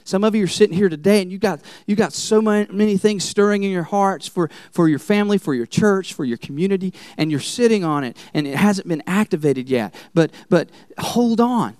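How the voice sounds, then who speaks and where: A male pastor preaching a sermon in church, telling the story in an animated way and laughing often. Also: sits high, a little fast, few pauses, no echo, studio quality.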